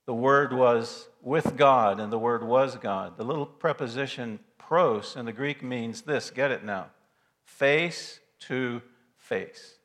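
Earnest preaching man, loud then hushed. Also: medium pitch, measured pace, few pauses. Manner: earnest, emphatic preaching with repeated phrases and swings between loud and hushed. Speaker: pastor. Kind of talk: sermon. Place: church.

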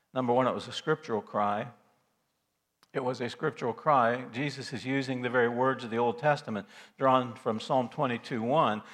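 Man, pastor, sermon, mid-pitched voice, dramatic hushes and loud bursts. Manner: dramatic swings between hushed and loud passages.

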